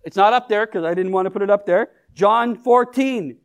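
A pastor with a notably high voice delivers a casual, conversational sermon. He keeps turning to the congregation with questions and light jokes, as if chatting with them. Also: normal speed. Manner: engages the congregation with questions and humor.

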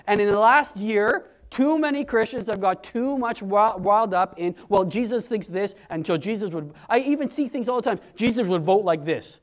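A man with a strikingly high voice delivers a conversational sermon. He talks to the congregation directly and throws himself into acting out quoted voices. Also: moderate pace, hardly any pauses. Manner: conversational, animated, acts out crowd voices. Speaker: preacher.

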